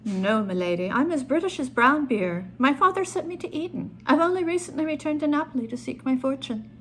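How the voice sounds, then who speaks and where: Woman reading as a polite, teasing young gentleman. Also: high-pitched, animated, brisk, slight background noise, voice pushed up. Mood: courteous, teasing.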